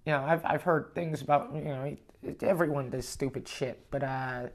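Speaking on the high side at a moderate pace with few pauses, this comedian and podcast host recounts a tale from touring in a loose, profane way. He moves between straightforward narration and lively reenactments of what people told him.

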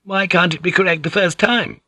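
A man's voice: high voice, fairly even intonation, normal speed, bright, forceful tone, no echo, clean studio sound, voice pushed up. A man voicing a sour, complaining old woman who grumbles impatiently. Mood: grumbling.

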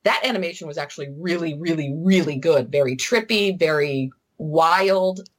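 A woman giving her casual, candid take on movies in a podcast chat, animated and swearing freely. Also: deep voice, normal speed. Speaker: podcast co-host. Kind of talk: casual film review chat.

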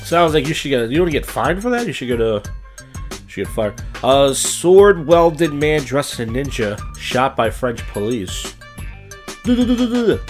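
A man's voice: medium pitch, expressive, moderate pace, faint music behind. Male podcast host, mid-range voice, casual comic news commentary with sardonic, rambling delivery.

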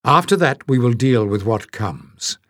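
A man reading an audiobook, voicing a weary young male adventurer who reasons things out in a measured way. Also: mid-range voice, animated, a bit bright, no room sound, clean studio sound. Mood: thoughtful.

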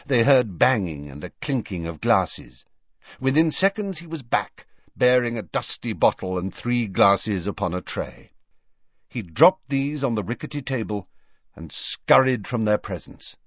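A man narrating an audiobook in a measured, expressive storytelling manner, recorded dry and dull. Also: fairly low pitch, no room sound. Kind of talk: scripted narration.

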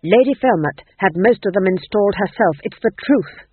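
The jittery ghost of a king, voiced by a male narrator, pushing his words out loudly and pleading to be believed. The sound is husky and boxed in, like a phone line. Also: high voice, big pitch swings, normal speed, dry recording, pitched above the performer's own voice. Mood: anxious. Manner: pleading, eager to please. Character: anxious ghost of a man, a former king.

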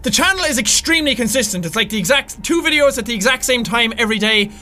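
A man giving let's play commentary as a gaming YouTuber, chatty and rambling, excitable and swearing loudly when scared. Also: extremely high pitch, quick pace, soft background music.

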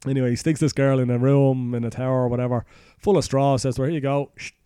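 A man with an Irish accent rambles through a fairy tale on a podcast, swearing freely and joking as he goes. His voice is mellow and dark. The sound is dry and close. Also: medium pitch, flat delivery, quick pace, clean tone, no room sound. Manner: crude, sweary, rambling retelling. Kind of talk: casual comic storytelling.

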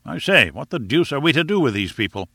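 A man voicing a brisk, hearty aristocratic adventurer in an audiobook, speaking with commanding cheer. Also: medium pitch, very animated, sharp tone, slightly rough, no echo, clean studio sound, voice pushed up, heavily acted.

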